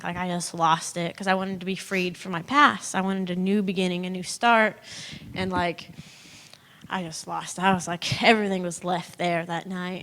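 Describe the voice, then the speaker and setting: A young woman giving a personal testimony in church, chatty and animated, acting out what people said with sudden pitch jumps and nervous laughs.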